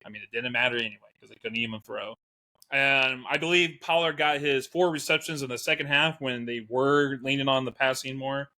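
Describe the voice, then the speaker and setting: Bright, lively man co-hosting a casual chat. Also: medium pitch, brisk. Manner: animated, laughs often, reads out stats. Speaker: co-host.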